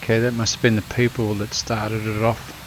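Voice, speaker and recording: A man giving relaxed, low-key commentary to the camera as he walks a garden trail beside a stream. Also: fairly quick, rough recording. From Australia. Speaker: vlogger. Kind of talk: casual walking commentary. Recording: outdoor noise, running stream behind.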